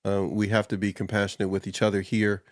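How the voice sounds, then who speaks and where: A man co-hosting a casual chat over a video call, easygoing and quick to joke and laugh. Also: fairly low pitch, monotone, no room sound, clean studio sound. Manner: easygoing, jokey, laughs often.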